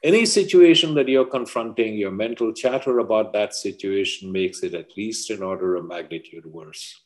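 A man, a personal mastery coach, explaining ideas through parables as an interview guest, measured and deliberate. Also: on the low side, a little mellow. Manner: measured storyteller.

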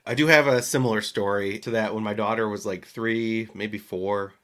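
A man in his thirties, a podcast co-host, telling an animated family anecdote in casual chat and laughing often. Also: fairly low pitch, normal speed.

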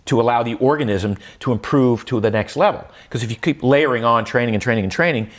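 An older man speaks as an interview guest in a mid-pitched voice. He is reflective and talks with many restarts and fillers. His voice rises sharply when he makes a point. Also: fast. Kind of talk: conversational interview.

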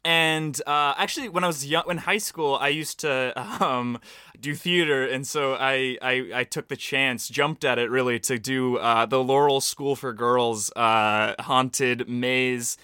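Male co-host, playful banter, bright tone, dry close mic. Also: medium pitch, steady tone, measured pace, clean tone, dry recording. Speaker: podcast co-host. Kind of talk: comedic banter.

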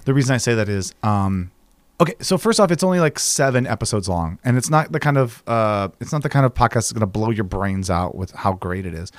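A man co-hosting a casual podcast chat, telling stories in an animated way, acting out quotes and swearing casually. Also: lowish voice, a little fast, no room sound. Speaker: podcast co-host.

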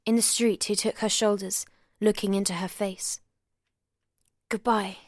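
A woman's voice: medium pitch, flat delivery, moderate pace, a little mellow, no echo. Woman reading a novel, dry close sound. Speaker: audiobook reader.

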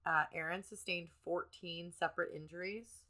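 A stuffy-nosed woman co-hosts a true-crime podcast and works through the case from her notes in a relaxed, chatty way. Her voice is bright and forceful and sits a little low for a woman. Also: moderate pace. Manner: narrating case details from notes. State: congested. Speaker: podcast co-host. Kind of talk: casual true-crime chat.

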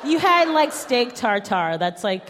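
Woman from Cleveland, co-host, giggly and playful, very animated pitch, long room reverb. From Cleveland, Ohio. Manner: giggly, playful, quick to laugh. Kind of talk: casual comedic chat before a live audience.

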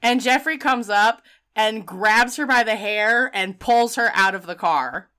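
A woman casually recapping a film, animated, laughing often and acting out the characters. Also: fairly high pitch, a little slow, smooth. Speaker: podcast co-host recapping a film. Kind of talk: casual chat.

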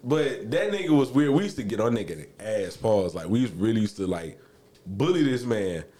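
A young man, telling a story in a casual podcast chat, animated and swearing freely. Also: moderate pace. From Alabama, US. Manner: animated, swearing, acts out quotes in high voices. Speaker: podcast co-host.

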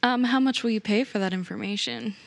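A woman's voice: on the high side, brisk, vocal fry, dry recording. A woman playing a tabletop game, bargaining bluntly in a casual way. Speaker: player.

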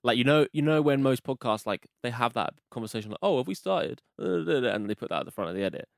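Podcast host guy, talks fast, kinda low voice, dry close sound. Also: animated, creaky, dry recording. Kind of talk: casual chat.

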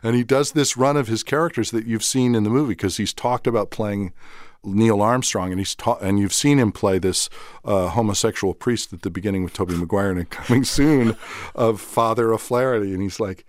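A man guest talking casually in an interview, telling animated stories, acting out quotes and laughing often. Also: on the low side, brisk, no echo, studio quality. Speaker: guest actor and director.

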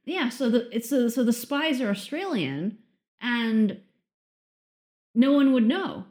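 Female podcast co-host, slow and lively-pitched, laughs easily. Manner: laughs a lot, short dry replies. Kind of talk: casual podcast chat.

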